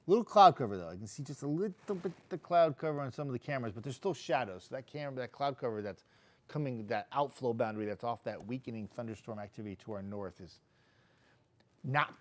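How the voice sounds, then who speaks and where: Man, middle-aged, mid-pitched, easygoing weather host doing live chat with viewers, loose and jokey, lots of restarts. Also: fast talker. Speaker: TV meteorologist hosting a live stream. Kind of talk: casual live-stream chat reading viewer comments.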